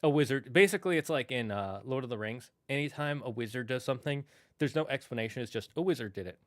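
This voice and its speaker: A man's voice: mid-range voice, fast talker, dry recording, studio quality. A man streaming and chatting casually, telling old myth stories in a rambling, self-correcting way. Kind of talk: casual storytelling while streaming.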